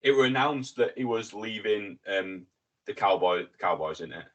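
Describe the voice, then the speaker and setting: A man co-hosting a casual sports podcast, excitable and quick to swear when riled up. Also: fairly low pitch. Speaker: podcast co-host. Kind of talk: casual chat.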